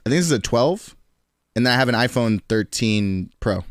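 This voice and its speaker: At a normal pace, this man in his twenties uses an expressive mid-range voice with a New York accent as he jokes around with his stream viewers, swearing and laughing a lot. The studio-quality audio has no room sound.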